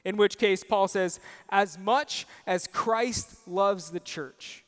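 A man's voice: high-pitched, takes it slowly, long reverb tail, faint music behind. A young man preaching a sermon, earnest and personal, telling stories on himself with self-deprecating asides. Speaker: pastor.

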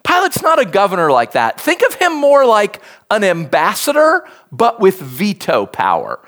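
A man's voice: high voice, moderate pace. A man preaching a sermon as pastor, guiding listeners through a scripture passage and explaining it in an engaged, conversational way. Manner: animated, leads congregation through text.

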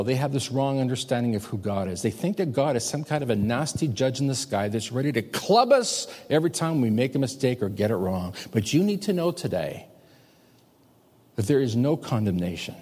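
A pastor in his fifties preaching a sermon, emphatic, swinging between loud and hushed. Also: mid-range voice, very animated, normal speed, husky. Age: 50s. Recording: long hall reverb.

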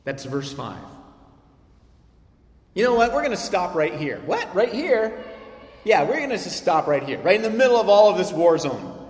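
A man preaching a sermon as pastor, animated, swinging from loud emphasis to quiet asides. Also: high voice, normal speed, pauses often. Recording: roomy hall reverb.

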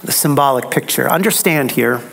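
A man preaching an expository sermon, slow and dramatic, with emphatic repetition. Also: mid-range voice, vocal fry, a bit bright.

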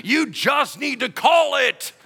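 A man voicing a crowd of frogs who shout mockingly down into a pit, in a sermon story. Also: very high-pitched, expressive, slow, vocal fry, voice pushed up, full character voice. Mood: jeering. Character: crowd of jeering frogs at a pit's edge.

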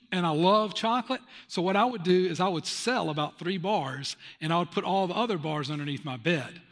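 Male pastor, sermon, confessional storyteller, emphatic, slightly high voice, long reverb. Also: fairly bright tone.

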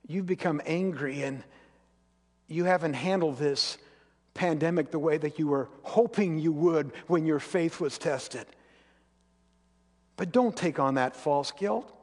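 A man preaching a sermon as pastor, earnest and storytelling, sometimes dropping to quiet intensity. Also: a little high. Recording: long reverb of a large hall.

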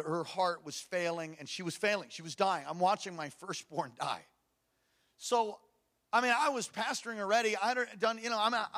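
Pastor guy preaching, high bright voice, goes from quiet to yelling. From Hawaii. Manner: impassioned storytelling, swinging from hushed to shouting. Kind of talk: sermon.

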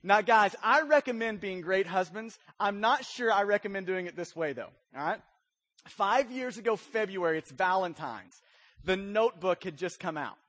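A man with a notably high voice preaches a relaxed, joking sermon. He tells his story conversationally and keeps tossing "right?" to the congregation. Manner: conversational storytelling with frequent "right?" check-ins. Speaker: pastor. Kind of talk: casual, humorous sermon.

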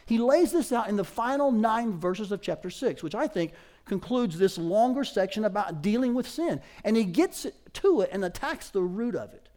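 Middle-aged male pastor, sermon delivery, high-pitched, emphatic, slows to stress key words. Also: animated, darkish tone.

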